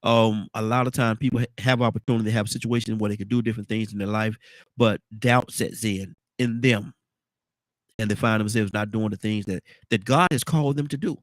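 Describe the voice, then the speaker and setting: A man with a congested baritone voice hosting a morning talk show. He rambles easily, repeating words and restarting sentences. The sound is dry and close, with no room around it. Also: fairly even intonation, quick pace, hardly any pauses, no room sound. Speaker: radio show host.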